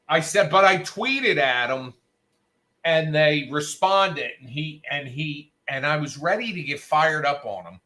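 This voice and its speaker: A man's voice: a little high, pushed and bright. A man hosting a show, telling a story in a casual, profane, worked-up rant and quoting people in raised voices. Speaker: show host.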